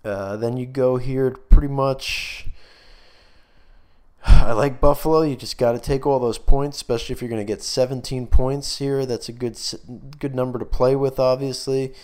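A man's voice: medium pitch, steady tone, moderate pace, few pauses, a little mellow, smooth. A man hosting a solo sports betting podcast, talking casually with lots of fillers, out of breath and losing his voice. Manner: casual, filler-heavy picks talk. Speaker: podcast host.

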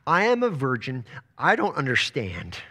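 A man's voice: mid-range voice, wildly swooping pitch, pushed and bright, slightly rough, exaggerated voice. A man voicing a puzzled young woman who questions earnestly, stumbling over her words, as he retells a Bible story in a sermon. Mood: bewildered. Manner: earnest, halting, pleading.

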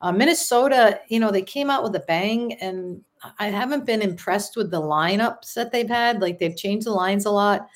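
A woman's voice: mid-range voice, moderate pace. A woman co-hosting casual sports talk. She is chatty, laughs easily and thinks aloud with many fillers.

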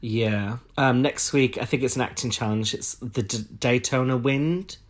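A man co-hosting a casual podcast, chatting on in a rambling way with plenty of fillers. His voice sits at an ordinary middle pitch. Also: normal speed. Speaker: podcast co-host. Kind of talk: casual chat.

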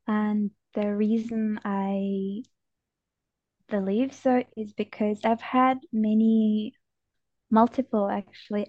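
Young woman guest telling her story, soft and thoughtful, kinda hesitant, dull dry audio. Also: a little high, no room sound. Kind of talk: personal storytelling in an interview.

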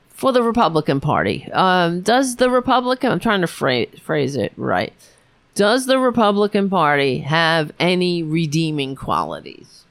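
A woman's voice: lowish voice, vocal fry, no echo. A woman hosting a political podcast, ranting alone in an angry, sarcastic, profane way with many restarts. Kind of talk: ranting solo commentary.

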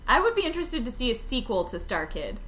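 Bright-voiced, teasing woman co-host. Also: a little high, very animated, fast, echoey room. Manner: laughs easily, teasing. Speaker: podcast co-host. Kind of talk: casual chat.

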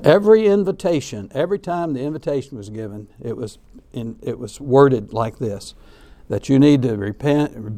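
Guy preaching a sermon, warm mellow tone, emphatic and repeats himself. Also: medium pitch. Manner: emphatic, varies loudness and pace, repeats words.

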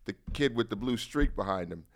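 A man co-hosting a comedy podcast, joking in a lively, casual way. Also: on the low side, brisk, gravelly. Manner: lively, joking, laughs often. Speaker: podcast co-host.

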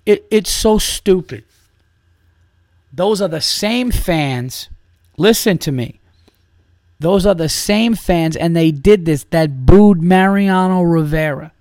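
A man's voice: on the high side, slow, darkish tone, clean tone, no echo, studio quality. Profane ranting New man. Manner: profane, heated, emphatic ranting. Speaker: podcast host and comedian. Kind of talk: ranting comedy podcast monologue.

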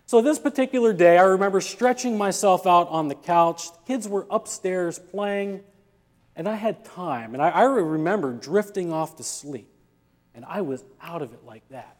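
A man's voice: high-pitched, lively intonation, moderate pace, a little mellow. A male pastor preaching a sermon in a church, telling a humorous story and acting out the dialogue. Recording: long reverb of a church hall.

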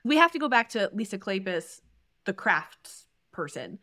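A woman co-hosting a podcast, talking through a romance novel in an animated, emphatic way. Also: medium pitch, measured pace. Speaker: podcast co-host. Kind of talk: casual book discussion.

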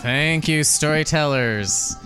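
A man's voice: a little high, slow pace, over music. A man hosting a live storytelling show, friendly and welcoming as he introduces the panel. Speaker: host.

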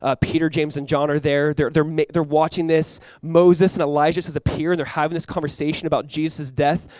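A young adult man preaching a sermon as pastor, animated and acting out playful voices for the disciples. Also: a little high, a little fast, dry recording.

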